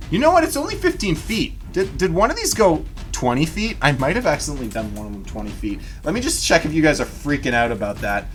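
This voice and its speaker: Speaking to his viewers at a fairly high pitch, a game master gives animated, chatty narration of a tabletop battle during a livestream.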